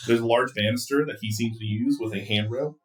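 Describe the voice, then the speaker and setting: A man narrating a tabletop game as game master in a relaxed, chatty way. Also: mid-range voice, fairly quick, recorded from a distance.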